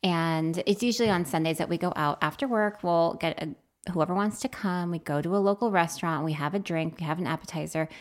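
A woman's voice: lowish voice, fairly quick. A woman co-hosting a podcast, chatting casually with her spouse and telling stories with lots of laughter. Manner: animated, laughing storyteller. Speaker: podcast co-host.

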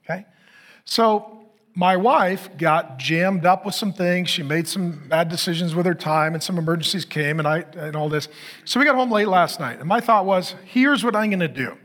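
A middle-aged pastor with a high-pitched, fairly bright voice speaks at a moderate pace during a sermon. He shares a candid, self-mocking story about his marriage with the congregation.

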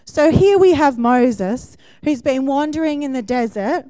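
A woman's voice: high-pitched, animated, a little slow, no echo. A woman in her forties preaching a sermon in a conversational style, checking in with the listeners as she talks. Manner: warm, conversational preaching with frequent "yeah?" check-ins and laughs.

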